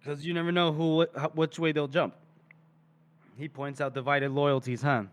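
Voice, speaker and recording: A man with a somewhat high voice for a man retells a novel's scenes in casual podcast chat. He often giggles and slips into quoting the characters. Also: little pitch movement, moderate pace. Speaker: podcast co-host. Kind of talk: casual book discussion.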